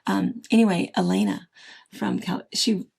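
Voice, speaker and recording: Gravelly, husky woman chatting casually. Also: mid-range voice, fairly even intonation, a little slow. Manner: chatty, rambling, warm storytelling with restarts. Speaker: co-host of a quilting shop chat show. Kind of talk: casual chat.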